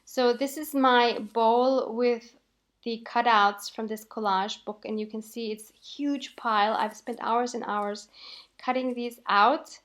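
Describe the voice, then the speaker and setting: A woman calmly narrating a voiceover for her crafting video, explaining each step with light laughs. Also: on the high side, a little slow. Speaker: craft channel host.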